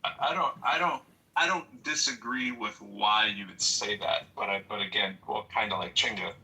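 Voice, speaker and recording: A man's voice: on the low side, normal speed, pushed and bright, recorded from a distance, rough recording. A man hosting a casual chat, speaking hesitantly with many restarts. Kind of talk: casual chat on an audio room.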